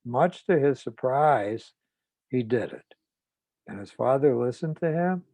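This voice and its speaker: Gravelly-voiced man telling a therapy case. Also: mid-range voice, animated, darkish tone, no room sound, low-quality recording. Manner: measured and deliberate. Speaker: psychotherapist.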